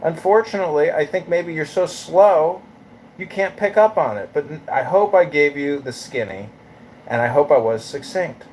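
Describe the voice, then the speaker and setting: A man's voice: on the high side, normal speed, a little mellow, a little hiss or hum, rough recording. A man hosting a live audio chat room, ranting in a profane, taunting, swaggering way.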